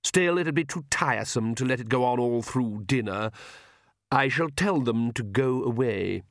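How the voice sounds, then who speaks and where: A languid aristocratic vampire count from a storybook, urbane and condescending, as a male reader puts him on. His voice sits at a middling pitch and sounds close and dry. He speaks with weary, polished boredom. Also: lively intonation, moderate pace, no room sound, close to an everyday voice.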